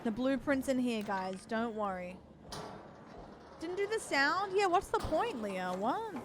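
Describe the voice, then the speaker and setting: A woman's voice: high-pitched, very animated, unhurried. Chatty woman streaming with noise behind. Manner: chatty, jumpy, talks to chat while playing. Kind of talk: casual live-stream chat while gaming. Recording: noisy game stream audio.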